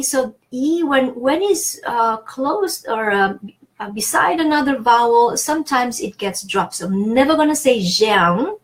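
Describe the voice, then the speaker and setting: A woman's voice: a little high, a bit bright, rough recording. A woman with a French accent, teaching French pronunciation in an easygoing lesson, full of fillers and restarts. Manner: explains patiently, with many fillers and restarts. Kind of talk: casual spoken lesson.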